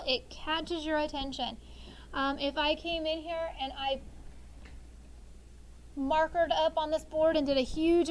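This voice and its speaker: A woman teacher leading a classroom vocabulary lesson, explaining words clearly and drawing them out syllable by syllable. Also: high voice, a bit bright, a little hiss or hum, rough recording.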